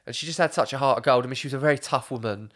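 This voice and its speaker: A man's voice: medium pitch, rapid-fire, fairly bright tone. Chatty, swearing young man telling stories. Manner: swearing, rambling storytelling with laughs. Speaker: podcast host. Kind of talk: casual chat.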